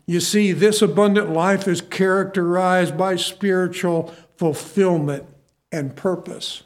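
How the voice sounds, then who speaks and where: A man's voice: high voice, fairly even intonation, measured pace. A male pastor preaching a sermon to his congregation in a folksy manner, repeating key phrases for emphasis.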